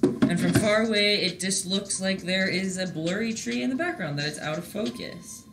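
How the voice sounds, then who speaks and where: Chatty encouraging art teacher on a live stream, mid pitch, a bit echoey with soft music under it. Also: moderate pace, gravelly, heavy background noise. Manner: chatty, encouraging, talks to viewers in chat. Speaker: painting teacher and stream host. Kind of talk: live-streamed painting lesson.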